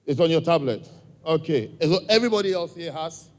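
A man's voice: a little high, expressive, brisk. A man with an African accent speaking live to a church congregation, directly and coaxingly quizzing people in the crowd. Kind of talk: live address to an audience. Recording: long reverb from a large hall.

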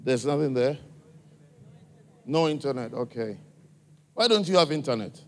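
An animated man with an African accent, medium in pitch and moderate in pace, gives a live address to a church congregation, coaxingly putting questions to people in the crowd. The recording carries the long reverb of a large hall.

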